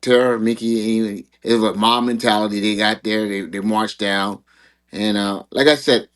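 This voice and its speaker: A man's voice: on the low side, fairly even intonation, moderate pace. A man hosting a casual online panel discussion, rambling, repeating words and laughing at himself. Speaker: show host.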